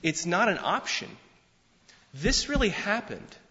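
A pastor giving a sermon in an animated, conversational way, often restarting his sentences. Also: sits high, measured pace. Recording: dull sound with long hall reverb.

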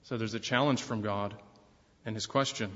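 A man preaching a sermon from the pulpit, building to forceful, louder emphasis on his key points and easing back down between them. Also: on the low side, steady tone, moderate pace. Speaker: pastor. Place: church sanctuary. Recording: long reverb, dull lo-fi sound.

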